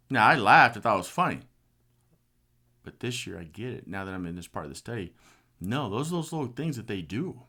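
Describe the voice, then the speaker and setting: A man's voice: lowish voice, sing-song, brisk, bright, forceful tone, slightly rough. A middle-aged man giving an earnest, passionate personal testimony. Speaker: speaker sharing a personal story.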